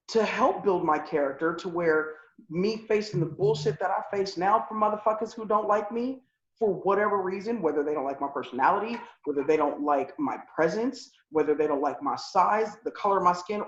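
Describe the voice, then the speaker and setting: A woman co-hosting a podcast, talking bluntly and profanely in casual chat. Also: on the low side. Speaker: podcast co-host. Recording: echoey, dull lo-fi room sound.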